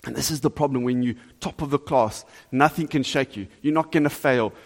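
A man preaching a sermon to a congregation, earnest and animated, asking the listeners direct questions. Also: mid-range voice, fairly quick. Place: church hall before a congregation. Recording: long reverb of a large hall.

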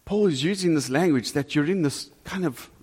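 A man preaching a sermon to a congregation, earnest and animated, asking the listeners direct questions. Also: on the high side, normal speed, husky. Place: church hall before a congregation. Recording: long reverb of a large hall.

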